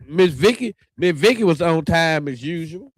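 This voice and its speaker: A man's voice: fairly high pitch, expressive, normal speed, no echo. Male livestream host, folksy and chatty, talks straight to viewers, dry close sound. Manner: chatty, folksy, keeps addressing viewers as y'all. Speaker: talk show host. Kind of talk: casual livestream show hosting.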